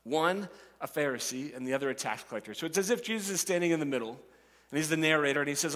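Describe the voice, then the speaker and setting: Guy preaching, acts out all the voices, kinda high pitched, big echoey hall. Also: rapid-fire. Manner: animated, acts out voices of the crowd and the characters. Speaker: pastor. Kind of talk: sermon.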